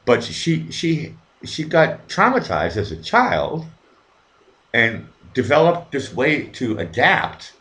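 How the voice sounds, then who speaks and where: A man's voice: medium pitch, huge pitch swings, slow pace, sharp tone. Rambling man hosting a livestream chat. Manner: rambling, repeats words, frequent restarts; swears casually. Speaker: livestream host.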